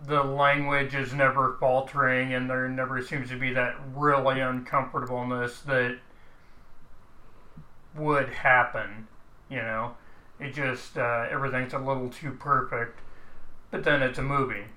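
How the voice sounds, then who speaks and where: A man's voice: medium pitch, flat delivery, unhurried, sharp tone. A man co-hosting a podcast, giving a thoughtful, rambling film review in casual chat. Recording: roomy, echoey room sound.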